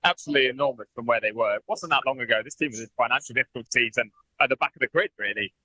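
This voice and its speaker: A man's voice: medium pitch, very fast, bright, forceful tone, no echo, low-quality recording. A man reporting live from the pit lane for a radio show, chatty and hesitant, with many fillers.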